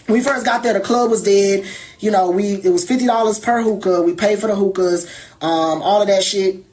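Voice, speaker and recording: A woman telling a personal story in casual talk, animated and irritated, acting out other people as she goes. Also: mid-range voice, brisk.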